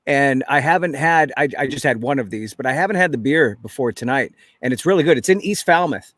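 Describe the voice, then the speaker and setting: A man's voice: mid-range voice, expressive, a little fast, fairly bright tone, no echo, clean studio sound. A man hosting a casual chat over drinks, rambling and correcting himself as he talks. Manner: chatty, rambling, self-correcting. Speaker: show host.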